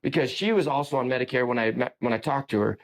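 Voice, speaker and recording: A man's voice: medium pitch, quick pace. Man hosting a rambling chatty podcast. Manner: rambling storyteller with many restarts. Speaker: podcast host. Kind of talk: casual interview conversation.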